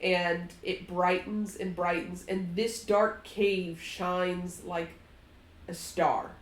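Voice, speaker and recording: A woman narrating a tabletop game as game master, slow and halting. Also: lowish voice, level tone. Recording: roomy echo.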